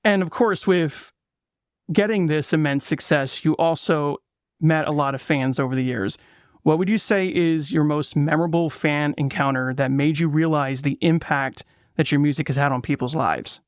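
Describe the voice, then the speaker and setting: A man's voice: fairly high pitch, normal speed, smooth, no echo, clean studio sound. A man in his thirties hosting a podcast interview, sincere and openly a fan. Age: 30s. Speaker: podcast host.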